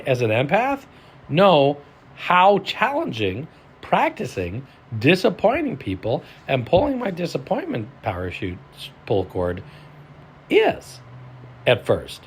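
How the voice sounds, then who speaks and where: Here the coach's voice is mid-range, with a little hiss or hum in the recording. He gives an animated motivational talk on mindset and self-leadership, full of abrupt loud stresses.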